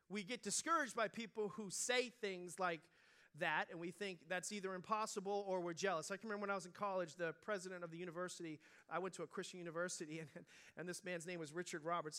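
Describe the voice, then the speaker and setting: High, bright-voiced male pastor preaching. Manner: conversational and joking, with many restarts. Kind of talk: sermon.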